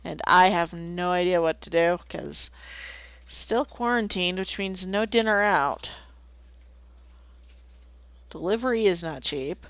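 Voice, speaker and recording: A woman's voice: lowish voice, takes it slowly, pauses often, a bit bright, no echo. A woman streaming while she draws, chatting casually and playfully, rambling and making silly noises. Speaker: streamer drawing commissions. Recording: slightly dull lo-fi, dry.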